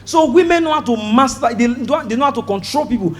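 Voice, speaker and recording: A man with a Nigerian accent doing a stand-up comedy set, loud and animated, acting out voices and shouting his punchlines. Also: extremely high pitch, brisk. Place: stage before a live audience.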